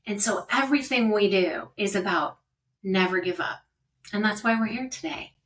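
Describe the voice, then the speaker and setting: A woman's voice: mid-range voice, moderate pace, fairly bright tone, distant mic. A middle-aged woman hosting an interview podcast, encouraging and affirming her guest with frequent amens. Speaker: podcast host.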